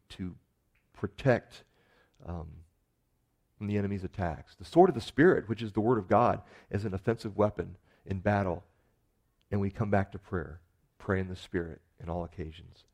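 A man preaching a sermon in an earnest manner, building to emphatic rises and sinking to soft, quiet endings. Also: lowish voice. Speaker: pastor.

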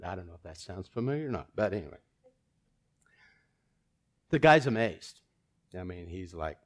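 A man's voice: fairly low pitch, expressive, moderate pace, long pauses. A man preaching a sermon in church, casual and self-deprecating, with chuckling asides and a joke woven in.

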